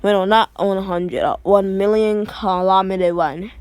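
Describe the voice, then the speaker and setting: A woman voicing an overpowered young male hero who boasts calmly, halting with fillers and restarts. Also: medium pitch, smooth, dry recording, natural voice. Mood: boasting.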